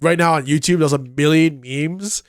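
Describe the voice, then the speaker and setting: A man co-hosting a podcast, reacting to a movie in a halting, excitable way full of "like". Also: fairly high pitch, dry recording, studio quality. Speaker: podcast co-host. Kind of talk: casual movie review chat.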